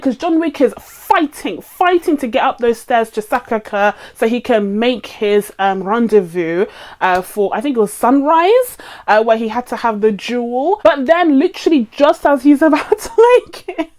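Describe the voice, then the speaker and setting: A woman hosting a film review channel, chatting casually and animatedly to her viewers, often laughing as she talks. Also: high voice. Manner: talks straight to viewers, teasing.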